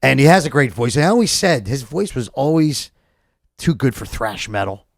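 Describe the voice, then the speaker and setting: A man's voice: medium pitch, expressive, normal speed, creaky, dry recording, studio quality. A man hosting a casual radio show, rambling through music news with stammered restarts and frequent laughs.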